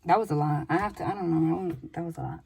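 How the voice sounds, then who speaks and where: A woman's voice: low voice, quick pace, creaky, husky. Blunt, swearing woman reading tarot. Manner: blunt, swears freely, laughs, animated asides. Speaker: tarot reader.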